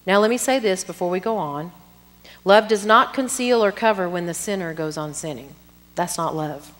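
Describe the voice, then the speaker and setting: A woman's voice: fairly low pitch, moderate pace. Middle-aged woman preaching in a reverberant hall. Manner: lively teaching with asides to the audience. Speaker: women's conference speaker. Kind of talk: sermon. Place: conference hall.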